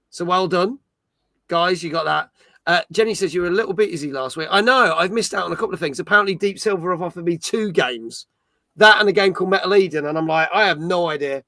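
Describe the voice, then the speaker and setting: Man, stream host, bright tense voice, dry close sound, upbeat chatter. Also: high-pitched, no echo. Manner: chatty, upbeat, reads viewer chat aloud. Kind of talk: casual livestream chat.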